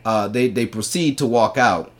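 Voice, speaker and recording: A man co-hosting a podcast tells a story casually and with a lot of swearing. He is animated and jumps up into a high voice when he acts out what people said. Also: normal speed. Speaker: podcast co-host and stand-up comic.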